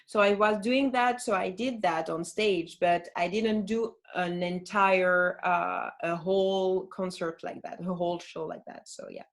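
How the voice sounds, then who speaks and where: A woman with a French accent, a non-native English speaker, chatting as a guest musician over a video call. She talks haltingly, restarts often and searches for her words. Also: lowish voice, fairly even intonation, creaky. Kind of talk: casual interview chat.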